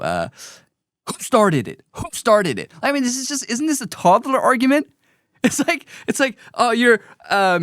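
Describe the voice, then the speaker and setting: Lively, emphatic male livestream host. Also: high-pitched, no room sound, clean studio sound. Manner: emphatic, repetitive, scornful. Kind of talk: livestream commentary.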